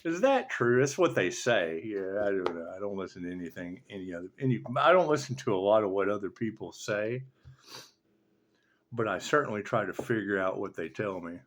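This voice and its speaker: A man who reads tarot goes off on a rambling spiritual rant, casual, sardonic, and full of profanity. His lowish voice is animated and a little fast, with slight background noise behind it.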